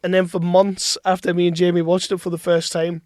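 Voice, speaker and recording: Man, high voice, casual podcast chat, animated storyteller, laughs a lot, dry close sound. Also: fairly quick, no echo. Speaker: podcast co-host.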